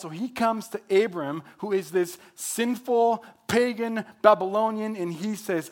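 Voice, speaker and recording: A man with a notably high voice for his sex preaches a sermon, pressing each point hard and repeating key phrases for weight. He speaks as a pastor to his church. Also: measured pace, hardly any pauses. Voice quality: emphatic, builds points through repetition.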